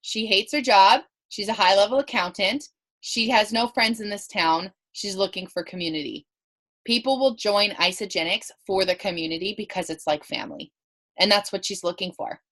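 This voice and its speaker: A woman's voice: mid-range voice, moderate pace. A woman leading a team training call, telling stories and acting out both sides of her conversations. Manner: animated storytelling, quoting herself and others. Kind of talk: coaching talk with acted-out dialogue. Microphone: call recording.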